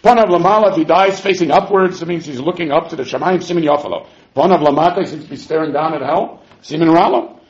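A man teaching a Talmud class, animated, who acts out the quotes and chuckles now and then. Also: a little high, quick pace. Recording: muffled lo-fi recording.

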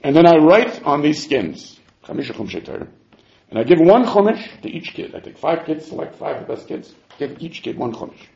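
A man teaching a Talmud class, animated, who acts out the quotes and chuckles now and then. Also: fairly high pitch, fairly quick, creaky. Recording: muffled lo-fi recording.

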